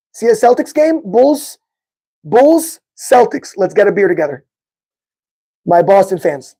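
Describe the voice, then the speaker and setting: A man hosting a casual live-stream sports podcast, talking excitedly and greeting viewers in the chat by name. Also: high voice. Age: adult with a son. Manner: excitable, talks to chat viewers by name, says bro a lot. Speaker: podcast host.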